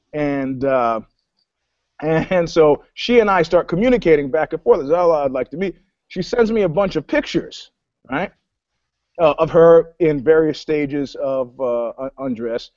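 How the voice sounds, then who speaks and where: Male storyteller, high voice, rambling with restarts, dull lo-fi recording. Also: darkish tone, no echo. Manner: rambling storyteller, many restarts, acts out quotes. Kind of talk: casual chat. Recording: dull, dry lo-fi sound.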